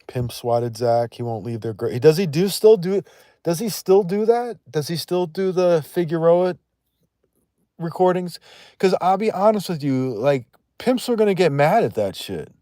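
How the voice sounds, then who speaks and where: A man's voice: on the high side, lively intonation, a little slow, warm tone, no room sound, clean studio sound. Profane, rambling man on a livestream. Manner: profane, rambling, laughs often, trails off. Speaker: livestream host. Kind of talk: casual livestream chat.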